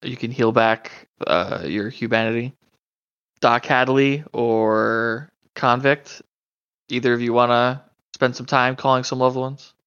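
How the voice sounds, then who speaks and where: A man running a tabletop game as game master, speaking haltingly with frequent fillers. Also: medium pitch, fairly even intonation, a bit bright, smooth, no echo. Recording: muffled lo-fi audio.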